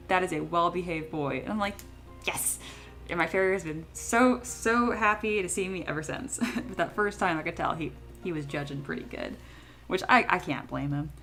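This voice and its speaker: A young woman from California talks in a slightly low voice, chatty and rambling as she works through a livestream. She laughs easily, and faint music plays behind her. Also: a little fast, fairly bright tone. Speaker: 3D sculptor streaming her work. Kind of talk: casual livestream chat while working.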